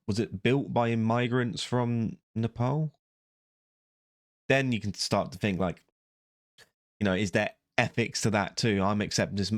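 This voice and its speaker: A man's voice: lowish voice, dry recording, clean studio sound. A young man hosting a reaction video, rambling casually with sarcastic, self-mocking asides. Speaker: YouTube reaction host.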